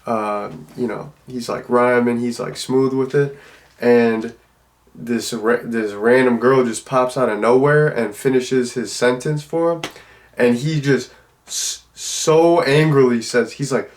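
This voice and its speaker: A man's voice: mid-range voice, fairly even intonation, takes it slowly. A man giving a casual, loose and rambling spoken review of a film. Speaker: movie reviewer.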